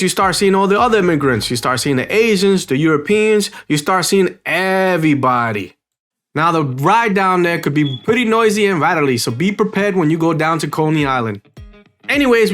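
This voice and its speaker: Man, New York accent, high voice, animated slangy storytelling, faint music behind. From the Bronx, New York. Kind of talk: casual storytelling.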